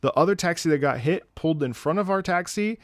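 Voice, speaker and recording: A man hosting a live stream, chatting casually and telling stories with lively impressions of people he met. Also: a little fast, no echo, studio quality. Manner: animated storyteller, mimics French voices with high loud bursts. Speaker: streamer host.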